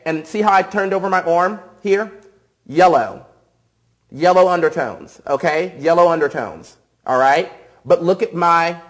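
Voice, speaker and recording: Upbeat makeup artist, male, slightly high voice, keeps saying okay. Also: poor audio. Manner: enthusiastic, repeats cues and says okay often. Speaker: makeup artist demonstrating airbrush. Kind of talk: live tutorial demonstration.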